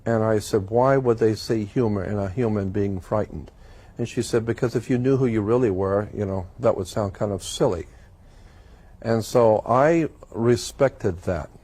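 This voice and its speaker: A man's voice: on the low side, moderate pace, mellow, husky. A man as an interview guest, earnestly recounting a personal experience and acting out the dialogue. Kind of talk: personal storytelling in conversation.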